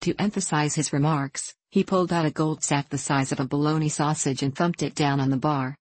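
A woman narrating an audiobook with a low, even voice. Her telling is measured and steady. The recording is dry and close. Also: husky, dry recording. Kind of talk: scripted narration.

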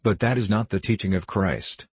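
A man's voice: lowish voice, normal speed, slightly rough, no room sound. A man voicing a pleading, naive old bishop. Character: earnest, distressed elderly male bishop.

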